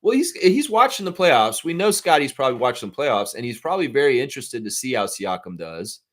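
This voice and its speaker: A man's voice: mid-range voice, sing-song, brisk. A man hosting a live fan stream, reading chat and ranting with heavy swearing. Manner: fired-up, profane ranting that swings loud. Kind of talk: casual fan reaction stream.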